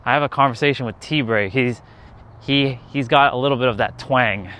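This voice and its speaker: A man's voice: medium pitch, moderate pace, fairly bright tone. A man chatting casually on a live stream outdoors, rambling with lots of fillers and laughing at himself. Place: outdoors near a park.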